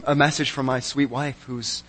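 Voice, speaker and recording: A man preaching a sermon, telling a personal story in an animated, wry and self-mocking way. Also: mid-range voice, moderate pace, a little hiss or hum, poor audio. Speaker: pastor.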